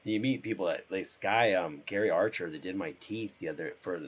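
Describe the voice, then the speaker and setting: A hoarse man, sick, chatting casually and rambling as he streams himself playing a drone simulator. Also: sits low, brisk, lo-fi sound. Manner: rambling, trails off.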